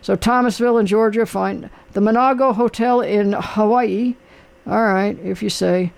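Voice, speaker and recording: A man's voice: high-pitched, steady tone, normal speed, creaky. An older man hosting a casual talk show, rambling and chatty with lots of fillers. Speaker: radio host. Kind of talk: casual chat.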